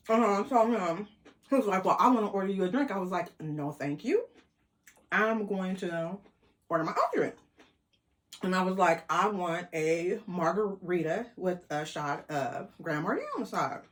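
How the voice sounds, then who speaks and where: Animated woman telling a story. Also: on the low side. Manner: animated, quotes people in voices, laughs. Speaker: vlogger. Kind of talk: casual storytelling.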